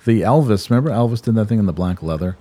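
A man co-hosting a podcast, trading crude deadpan jokes in casual banter and often trailing off mid-sentence. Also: lowish voice, quick pace, breathy edge. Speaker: podcast co-host.

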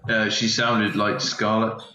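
A man's voice: on the low side, monotone, takes it slowly, highs cut off. A man joking around while playing a tabletop game. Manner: teasing, joking. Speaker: player. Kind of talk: casual tabletop play. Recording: echoey room with loud music.

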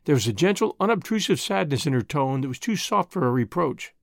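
A narrator reading a classic short story aloud in a measured, expressive way. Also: mid-range voice, gravelly, no room sound, studio quality.

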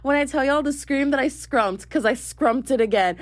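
A young woman, chatting excitedly in a casual podcast recorded as phone voice notes. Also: a little high, unhurried. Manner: chatty, excitable, gushing storyteller. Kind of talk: casual voice-note podcast chat. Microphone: phone voice memo.

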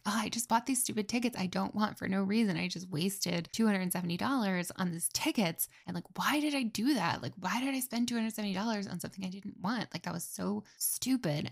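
A woman's voice: fairly low pitch, gravelly, a bit bright. A young woman hosting her own podcast, telling a personal story in a chatty, self-deprecating way full of fillers. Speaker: podcast host. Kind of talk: casual solo storytelling.

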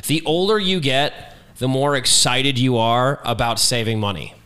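Bright-voiced male podcast host chatting at home. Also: medium pitch, moderate pace, smooth. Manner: animated storyteller, acts out shouted quotes. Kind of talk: casual chat. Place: home kitchen.

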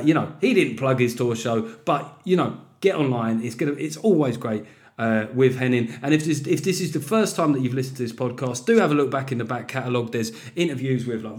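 Sweary comedian hosting a podcast. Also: male voice, medium pitch. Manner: sweary, joking, rambling. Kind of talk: casual monologue.

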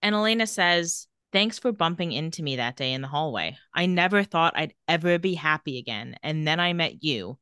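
A woman co-hosting a laid-back recap podcast, walking through each scene and reading quotes without much colour. Her voice sits a little low. The sound is dry and close, with no room around it. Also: moderate pace, few pauses, smooth, no echo. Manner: retells scenes and reads quotes in a flat voice. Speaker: podcast co-host. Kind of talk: casual recap chat.

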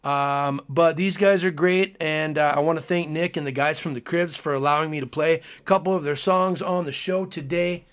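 A man's voice: on the high side, steady tone, moderate pace, few pauses, fairly bright tone, clear, resonant tone. A man hosting his own podcast, talking in a casual, earnest, musing way with frequent fillers. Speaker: podcast host. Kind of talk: casual solo podcast talk.

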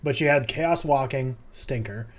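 A man co-hosting a podcast, chatting quickly about films. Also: fairly high pitch. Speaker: podcast co-host. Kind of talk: casual podcast chat.

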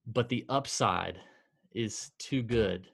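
Low-voiced man rattling off golf stats. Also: slow pace, vocal fry, a bit bright, husky. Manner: stat-heavy, sighing, self-deprecating. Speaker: podcast co-host. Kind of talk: casual sports betting chat.

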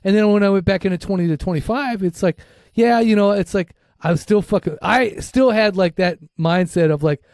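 A man's voice: sits high, brisk, darkish tone, dry recording, studio quality. A man with a Minnesota accent hosting a podcast, talking bluntly in casual chat, swearing a lot and rambling. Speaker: podcast host.

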